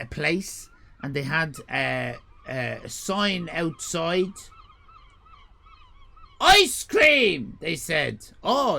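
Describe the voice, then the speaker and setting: A man spins a comic story on a livestream, rambling and swearing, with plenty of fillers and restarts. His voice is gravelly and bright, and his pitch swoops up and down as he goes. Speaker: streamer.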